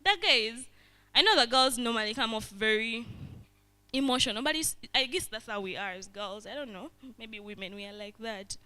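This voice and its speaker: A young woman facilitates an interactive workshop in a fairly high, bright voice that is animated, smooth and forceful, moving at a normal speed. She constantly checks in with her audience and acts out little scenes.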